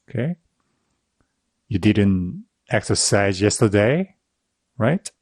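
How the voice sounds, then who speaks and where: Slow, low-voiced man teaching. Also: darkish tone, no echo, studio quality. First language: Korean. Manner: checks in with "okay?" after each example. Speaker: Korean language teacher. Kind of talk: slow explanatory lesson.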